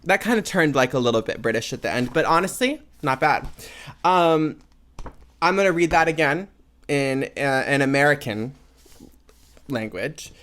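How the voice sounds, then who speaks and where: A man's voice: fairly high pitch, lively intonation, normal speed, pauses often, a bit bright. A young man hosting a podcast on his own, talking in a rambling, casual way with lots of "like" and "um". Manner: chatty, rambling, many "like" and "um" fillers. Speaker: podcast host. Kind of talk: casual solo podcast chat.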